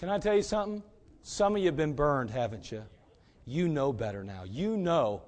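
A man's voice: fairly high pitch, big pitch swings, normal speed, darkish tone. A middle-aged man, a pastor, preaching emphatically and telling a story. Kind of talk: sermon.

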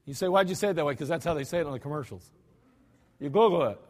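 High-voiced preacher in a reverberant church. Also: male voice, racing, a little mellow. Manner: folksy, emphatic preaching with repetition. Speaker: pastor. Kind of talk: sermon. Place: church sanctuary. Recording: archived church service with long hall reverb.

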